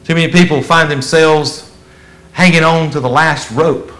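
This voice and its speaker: A man preaching a sermon as a pastor, in a folksy, conversational way that swings between loud emphasis and hushed asides. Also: fairly high pitch, fairly even intonation, moderate pace, poor audio.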